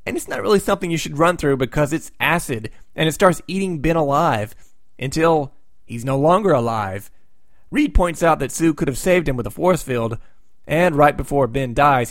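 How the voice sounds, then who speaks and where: A man's voice: fairly high pitch, no echo, clean studio sound. A man hosting a comic book recap, retelling the plot with sarcastic, wry asides.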